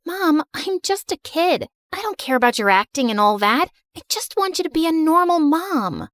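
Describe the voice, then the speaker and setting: An exasperated, embarrassed teenage girl in an animated story, voiced by a woman, pitched high and bouncing with lively swings. The delivery is dry and close to the mic. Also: normal speed, no echo. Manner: exasperated, pleading. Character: embarrassed teenage girl, upset with her mother.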